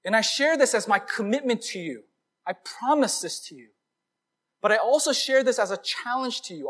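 High-voiced man preaching a casual sermon. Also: normal speed. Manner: conversational storytelling, animated. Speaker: pastor.

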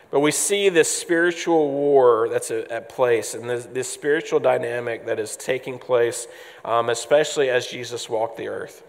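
A man's voice: medium pitch, in a large hall. A man preaching a conversational sermon as pastor, with frequent ums and restarts.

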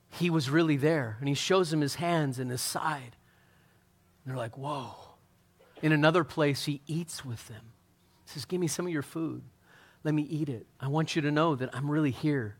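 Male pastor, fairly high voice, lively conversational sermon delivery. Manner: animated storytelling, acting out scenes, conversational.

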